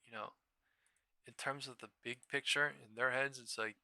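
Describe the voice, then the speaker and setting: An excitable man talks through stock charts on a live trading stream, swearing freely and thinking aloud. His voice is very bright and tense, smooth and crisp. The sound is dry and close, with no room echo. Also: mid-range voice, moderate pace. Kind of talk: casual live-stream commentary.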